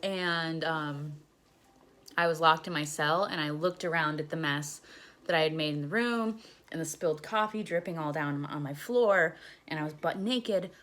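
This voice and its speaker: A woman's voice: low-pitched, moderate pace, fairly bright tone. A young woman casually telling a story on her vlog, candid and profane, retelling events with animation. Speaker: vlogger.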